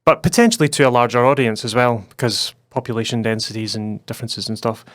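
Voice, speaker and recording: Chatty Scottish man, smooth dry voice. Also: medium pitch, a bit bright, no room sound. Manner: chatty, rambling, quick to laugh. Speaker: podcast co-host. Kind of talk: casual podcast chat.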